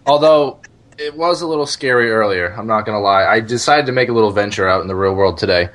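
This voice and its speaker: A man's voice: lowish voice, quick pace, fairly bright tone. A man co-hosting a podcast, laid-back and joking in casual chat. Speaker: podcast co-host.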